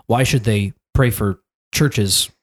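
A man's voice: on the low side, slow pace. An American man discussing a church confession in a casual conversation, thinking aloud with many restarts and repeated words. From United States.

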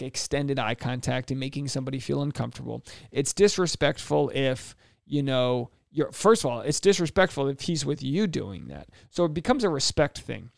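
A man's voice: vocal fry, dry recording, studio quality. A man hosting a solo podcast, talking casually and animatedly, with joking asides and acted-out quotes. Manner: acts out quoted voices with big pitch jumps. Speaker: podcast host.

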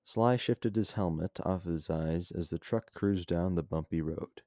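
A man with a very low, dark voice reads his own story aloud in a dry, offhand way, pausing to redo flubbed lines. The sound is close and dry, and a bit dull and lo-fi. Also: no room sound. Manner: casual, dry, stops to retake lines. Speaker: podcast host and story reader. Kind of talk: reading a self-written story aloud.

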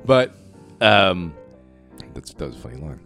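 A man's voice: deep voice, very animated, unhurried, fairly bright tone, soft background music. A man co-hosting a podcast in casual chat, rambling and profane and laughing often. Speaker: podcast co-host.

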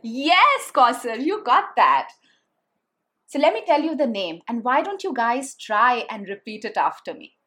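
A woman's voice: on the high side, big pitch swings, measured pace, a bit bright. A woman co-hosting a podcast about storytelling, playful and encouraging toward her co-hosts. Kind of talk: casual podcast chat.

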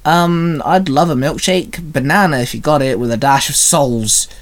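A man's voice: fairly high pitch, moderate pace, lightly acted. A man reading the lines of a stern, brusque young hero in a spoken fan story.

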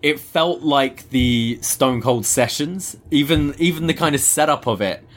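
A man co-hosting a casual wrestling review podcast, relaxed and analytical. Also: fairly high pitch, measured pace. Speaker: podcast co-host.

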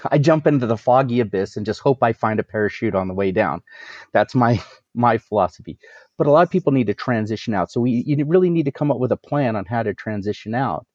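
A man giving energetic business advice as a coach, asking rhetorical questions and laughing at himself. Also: mid-range voice, brisk, no echo, highs cut off. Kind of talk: casual business interview.

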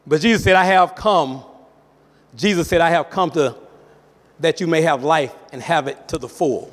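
A male pastor preaching a sermon with emphatic call-outs, his voice sometimes rising to a shout. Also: fairly high pitch, moderate pace, long reverb tail.

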